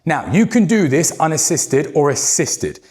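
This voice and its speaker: A man's voice: a little high, lively intonation, unhurried, a little mellow. A man leading a guided workout, cueing each move and counting down the reps in an encouraging way. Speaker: fitness coach.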